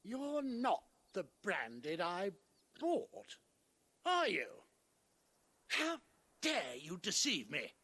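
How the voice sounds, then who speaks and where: A man's voice: sits high, huge pitch swings, extremely slow, long pauses, bright, forceful tone, exaggerated voice. An actor playing an arrogant, pompous nobleman in a video game cutscene, haughty and theatrical. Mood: indignant.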